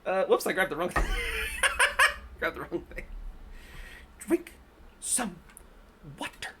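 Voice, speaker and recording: A woman's voice: on the low side, expressive, a little slow, a little hiss or hum. A woman streamer reacting casually to videos, blunt and profane, who often laughs and exclaims. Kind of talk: casual live-stream commentary.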